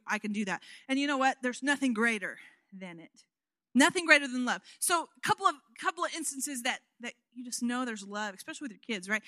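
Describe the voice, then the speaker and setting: Bright, animated woman preaching. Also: a little high, no room sound, clean studio sound. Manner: chatty, animated storytelling with frequent "you know what?". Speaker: guest preacher. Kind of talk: sermon with personal stories.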